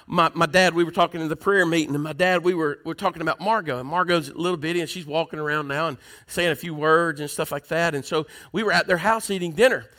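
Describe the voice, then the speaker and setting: A man's voice: fairly high pitch, pushed and bright. A man preaching a sermon in a folksy, conversational way, often asking the congregation questions.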